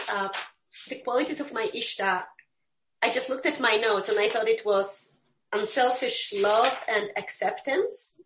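A woman's voice: a little high, reverberant, slight background noise, poor audio. A woman student sharing from her notes in class, listing qualities. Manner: reads a list of qualities with light laughs.

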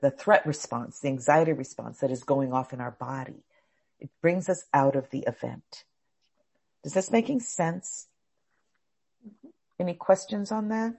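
A middle-aged woman teaching a class on calming anxiety, explaining step by step and acting out anxious thoughts. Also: low-pitched, normal speed, vocal fry, long pauses, husky.

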